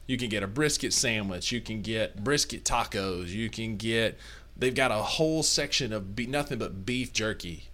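Young Southern man, north Mississippi twang, bright voice, ribbing his co-host on a sports podcast. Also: medium pitch. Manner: playful trash talk, long enthusiastic lists. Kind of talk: casual sports podcast chat.

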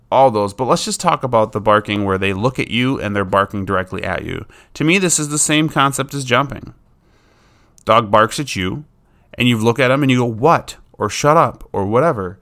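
A man's voice: lowish voice, bright, forceful tone. A man talking casually as a dog trainer, explaining dog behavior in an informal, plain-spoken way. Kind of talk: casual instructional talk.

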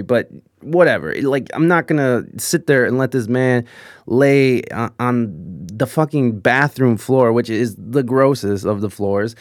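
A man telling a rambling, profane anecdote in a casual, animated way, with frequent restarts. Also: mid-range voice, a little slow, no room sound, studio quality. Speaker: storyteller.

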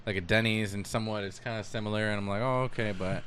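A man's voice: on the low side, steady tone, fast talker, a bit bright, slight background noise. A man co-hosting a casual podcast, rambling and joking. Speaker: podcast co-host.

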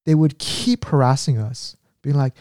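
A man talks through memories in a relaxed, mellow voice, dry and close. His speech wanders with frequent fillers and restarts. He slips into quick character impressions as he goes. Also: mid-range voice, dry recording. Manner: rambling, filler-heavy storytelling with impressions. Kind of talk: casual conversation.

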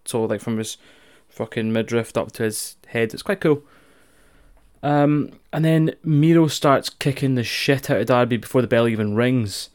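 A man with a Scottish accent recapping a wrestling show in casual, profane, animated chat as a podcast co-host. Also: mid-range voice, normal speed.

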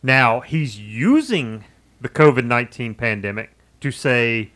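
A man co-hosting a podcast in casual chat, animated and emphatic, swearing casually. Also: mid-range voice, a little slow. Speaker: podcast co-host.

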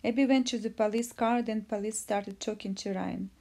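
A woman reading a case recap aloud, halting with slips and restarts. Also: mid-range voice, fairly even intonation, creaky, warm tone. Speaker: narrator.

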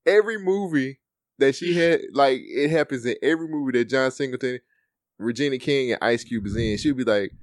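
Here a male co-host of a podcast talks loosely about a film, performing its lines with animated energy. His mid-range voice moves briskly, captured at studio quality without echo.

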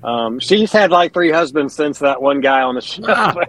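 A man's voice: fairly high pitch, lively intonation, unhurried, a bit bright, rough recording. A middle-aged man, telling stories as an interview guest in an earnest, chatty way. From Kentucky, USA. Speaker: interview guest, country singer and pastor. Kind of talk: casual interview storytelling.

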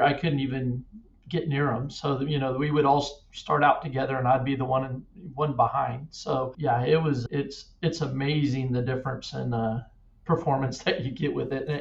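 A middle-aged man from Kansas, a cyclist guest, telling his story earnestly, often repeating words. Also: medium pitch. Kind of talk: casual interview. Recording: echoey distant dull-sounding mic.

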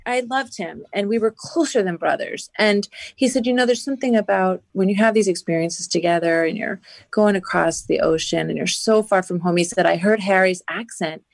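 A woman's voice: on the low side, brisk, gravelly, dry recording. A woman guest on a podcast, telling a story earnestly with lots of "you know" fillers. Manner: earnest, animated retelling with many fillers. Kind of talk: storytelling interview.

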